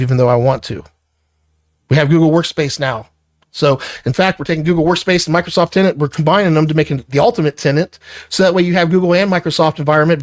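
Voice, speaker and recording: A man's voice: fairly high pitch, no echo. An angry man lecturing an employee in a heated work argument, swearing constantly. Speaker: business owner confronting an employee.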